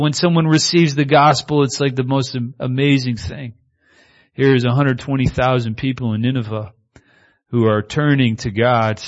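A man preaching a sermon in a conversational style, moving between reading scripture and lively asides. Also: medium pitch. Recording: slightly muffled recording.

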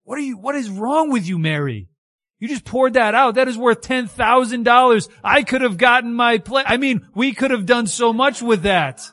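A man preacher voicing an indignant, exasperated male disciple who rants shrill, huffy complaints at his friends. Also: moderate pace, a bit bright.

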